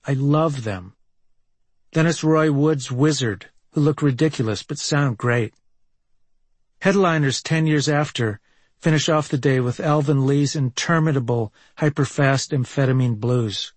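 A man from Minneapolis reading a personal travel memoir aloud in a wry, deadpan delivery. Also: fairly high pitch, no echo. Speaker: memoir narrator.

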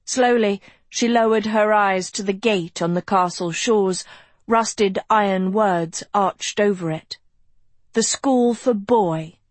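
This is scripted audiobook narration by a woman whose voice sits in the mid range. She tells the story in a steady, measured way, and the recording is dry.

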